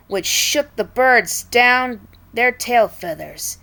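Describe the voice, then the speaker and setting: Slow, lively woman reading a storybook. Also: fairly high pitch, gravelly. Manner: expressive, with small restarts. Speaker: storybook reader. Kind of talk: storybook read-aloud.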